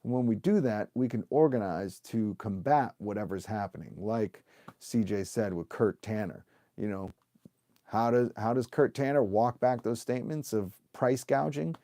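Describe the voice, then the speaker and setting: A man's voice: mid-range voice, normal speed, dark tone, dry recording, clean studio sound. A man in his thirties hosting a livestream, talking in an impassioned, emphatic way with lots of rhetorical questions, occasionally swearing. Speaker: livestream host and union organizer. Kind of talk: impassioned livestream rant to viewers.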